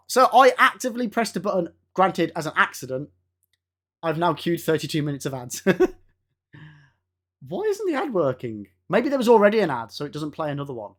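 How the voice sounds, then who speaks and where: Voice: mid-range voice, huge pitch swings, normal speed, fairly bright tone. A game streamer chatting casually with live viewers, laughing often and swearing now and then.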